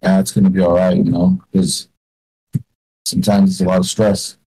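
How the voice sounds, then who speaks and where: A man's voice: deep voice, level tone, moderate pace, warm tone, poor audio. A young man chatting on a podcast in a loose, rambling way, restarting his sentences often. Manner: rambling, many restarts and fillers. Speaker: podcast host. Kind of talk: casual podcast chat.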